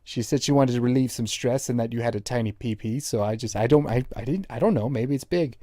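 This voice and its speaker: A man's voice: mid-range voice, fast, hardly any pauses, mellow, no echo, clean studio sound. A young man giving rambling, crude running commentary while playing a game, mocking the characters with joking insults. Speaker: gameplay commentator.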